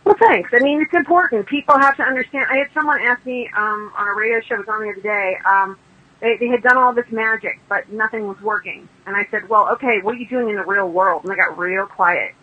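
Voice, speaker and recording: A woman's voice: medium pitch, fast, narrow, tinny audio. A woman author being interviewed, telling stories in a chatty, emphatic way and acting out the people she quotes. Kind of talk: casual interview storytelling.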